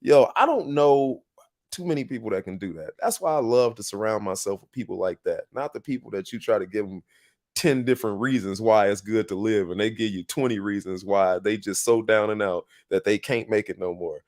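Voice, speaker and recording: A man's voice: on the low side, fairly quick, a little mellow. A man hosting a podcast in a casual monologue, earnest and motivational, telling stories with emphatic repetition. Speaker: podcast host.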